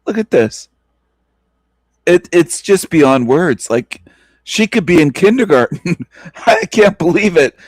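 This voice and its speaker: A stream host reacts to a video clip with casual, mocking, incredulous commentary, laughing often. His slightly high, husky voice is very animated yet slow, with long pauses, on a dry recording.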